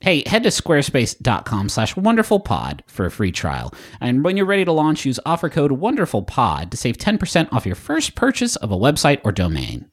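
A man's voice: mid-range voice, huge pitch swings, fairly quick, few pauses. A man co-hosting a podcast, reading sponsor ads in a playful, jokey way with theatrical asides. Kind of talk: comedic ad read.

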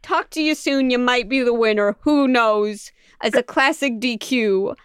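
A woman hosting a comedy call-in podcast, teasing her guests in mock-stern, deadpan banter. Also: on the high side, a little slow, smooth, no room sound, studio quality. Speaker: podcast host.

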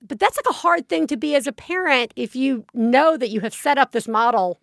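A woman's voice: high-pitched, a little fast, vocal fry, no echo, clean studio sound. Chatty woman podcast co-host. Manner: animated storytelling, acts out quotes, swears freely. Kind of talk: casual chat.

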